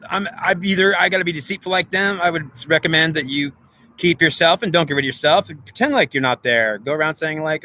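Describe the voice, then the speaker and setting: A man's voice: on the high side, animated, quick pace, bright, forceful tone. A man delivering an emotional, pleading, repetitive monologue to the camera, agitated and upset. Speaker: vlogger.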